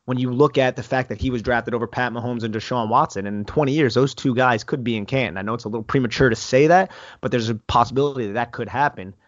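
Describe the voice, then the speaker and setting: A man's voice: medium pitch, fast, no echo. Casual man bantering in a dry podcast. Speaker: podcast co-host. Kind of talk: sports analysis podcast. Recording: dry, dull sound.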